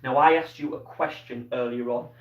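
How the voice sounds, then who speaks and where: A man's voice: mid-range voice, steady tone, normal speed, muffled recording. Encouraging male teacher, distant roomy sound. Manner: encouraging, asks questions and praises pupils by name. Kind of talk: live online science lesson.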